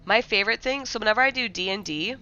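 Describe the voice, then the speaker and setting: A woman's voice: mid-range voice, fast, sharp tone, dull audio, a little hiss or hum. A young woman from the American Midwest chatting casually on a livestream, rambling with lots of fillers and restarts. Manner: rambling, filler-heavy, many likes and restarts.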